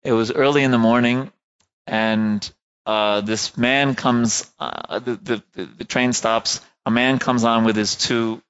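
A man's voice: mid-range voice, fairly even intonation, takes it slowly, a bit bright, clean tone, highs cut off. A man giving a casual classroom lecture, talking conversationally, often checking in with "right?" and stopping to rephrase.

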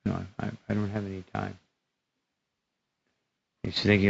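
A man's voice: lowish voice, little pitch movement, takes it slowly, vocal fry, pauses often, fairly bright tone, slight background noise. A man teaching scripture, telling a story and acting out the voices of its characters. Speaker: religious teacher. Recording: dull lo-fi recording.

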